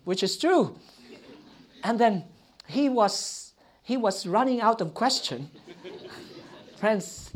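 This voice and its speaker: Guy preaching a testimony, fairly high voice, chatty storyteller. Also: expressive, slow pace, pauses often. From Philippines. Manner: storytelling, addresses audience as friends, laughs often. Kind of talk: sermon testimony.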